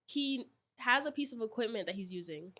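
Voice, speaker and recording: Young woman telling a lively story. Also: on the high side, fairly quick. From New York. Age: 20s. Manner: chatty, many fillers, animated retelling. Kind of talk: casual chat, storytelling.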